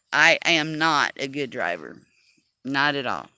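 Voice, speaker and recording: A woman's voice: rumbling low, sharp tone, clean tone, dry recording. A woman chatting casually on a livestream, self-deprecating and laughing often as she talks. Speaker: livestream host.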